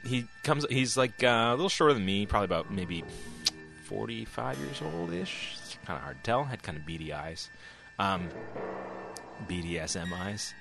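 A man's voice: low voice, vocal fry. A man co-hosting a casual podcast, telling a story with lots of swearing and acted-out quotes. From Canada. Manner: animated storyteller, swears freely, acts out quotes. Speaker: podcast co-host. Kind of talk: casual chat.

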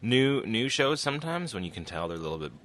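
Bright, lively-voiced man joking in chat. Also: medium pitch, quick pace. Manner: wry, joking, swears casually. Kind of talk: casual chat.

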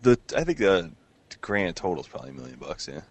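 A man's voice: low voice, big pitch swings, fast, husky. A man chatting casually, rambling and laughing, with lots of fillers and restarts. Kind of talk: casual chat.

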